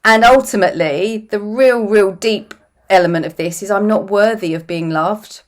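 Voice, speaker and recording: Middle-aged woman, earnest personal growth coach, reflective course talk, unhurried, repeats herself. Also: medium pitch. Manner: earnest, unhurried, repeats phrases, many "you know"s.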